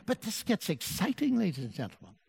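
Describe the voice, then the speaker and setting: A man preaching a sermon, measured and dwelling on key words. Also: high voice, sing-song, creaky, a little mellow, breathy edge, long reverb tail.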